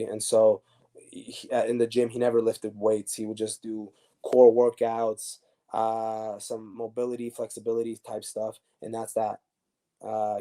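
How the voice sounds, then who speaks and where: A man, a former professional soccer defender, telling stories in a casual interview with lots of restarts and fillers. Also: mid-range voice. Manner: animated, many restarts and fillers.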